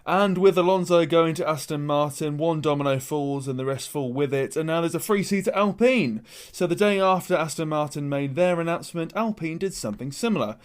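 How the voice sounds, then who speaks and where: A man co-hosting a chatty sports podcast, opinionated and animated, reading out news. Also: a little high, a little fast, hardly any pauses, smooth. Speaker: podcast co-host. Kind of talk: casual chat, reading news.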